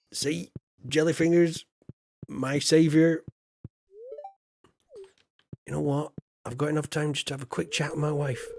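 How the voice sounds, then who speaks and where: A man's voice: on the high side, darkish tone, slight background noise. Chatty English man streaming a farming game. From England. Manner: chatty and playful, muttering asides, trailing off. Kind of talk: casual live-stream gameplay chat.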